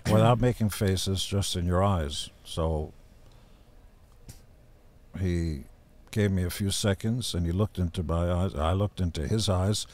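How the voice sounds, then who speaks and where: A man in his seventies, a podcast guest, telling stories in a gruff, deadpan way and acting out other people's voices. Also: sits low, measured pace, slight background noise. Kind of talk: casual storytelling.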